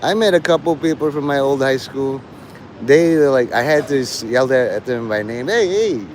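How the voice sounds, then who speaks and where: Male streamer, mid pitch, rambling and profane, recorded outdoors with faint traffic behind. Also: normal speed, poor audio. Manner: rambling, profane, jumps between topics. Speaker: livestreamer. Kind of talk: rambling live-stream monologue.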